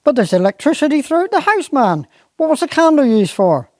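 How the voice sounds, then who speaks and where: A performer doing a blustering, outraged posh squire. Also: male voice, high voice, big pitch swings, moderate pace, a little mellow, no room sound, clean studio sound, pitched above the performer's own voice. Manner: blustering, increasingly outraged questions. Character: posh, hot-tempered upper-class country squire.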